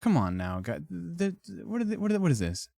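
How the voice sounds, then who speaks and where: A man's voice: a little high, very animated, a little fast, gravelly, dark tone, no room sound. A man streaming live, ranking things in casual, profane, joking commentary and laughing often.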